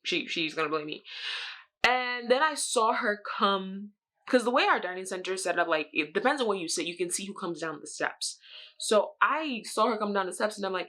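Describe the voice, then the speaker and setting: A young woman telling a drama story while doing her makeup, animated and swearing, acting out what she said. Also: medium pitch, normal speed. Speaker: beauty vlogger. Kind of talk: get-ready-with-me story time.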